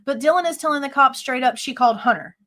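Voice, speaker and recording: Brief: slightly high-voiced woman, true crime live host, reads report then picks it apart, blunt and exasperated, casual swearing. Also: quick pace, fairly bright tone. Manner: blunt, exasperated, sharply skeptical; reads report lines aloud, then argues back at them. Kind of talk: live commentary reading and reacting to a police report.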